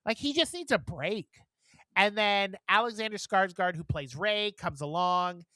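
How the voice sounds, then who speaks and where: A man co-hosting a podcast, chatting casually in a blunt, profane, animated way. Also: high-pitched, a little slow, dry recording. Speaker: podcast co-host. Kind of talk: casual chat.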